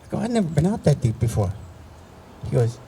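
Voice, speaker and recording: Gravelly older man telling family stories. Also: fairly high pitch, sing-song, a little fast, dark tone, a little hiss or hum, low-quality recording. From New Jersey. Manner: anecdotal, conversational, with frequent restarts. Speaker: eulogy speaker at memorial ceremony. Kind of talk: personal storytelling speech. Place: outdoor memorial ceremony.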